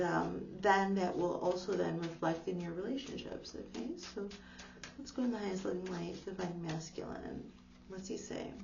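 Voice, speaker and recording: A woman with a gravelly edge gives a casual, reassuring tarot reading, peppering her talk with "like". She sits back from the mic in an echoey room, and the sound is dull and lo-fi with a faint hum underneath. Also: mid-range voice, distant mic. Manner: gentle, reassuring, uses lots of "like". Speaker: tarot reader.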